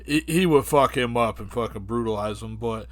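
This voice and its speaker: A man co-hosting a podcast, telling a rambling, profane comic story in an animated way. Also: medium pitch, moderate pace, no room sound. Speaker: podcast co-host. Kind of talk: comedic storytelling.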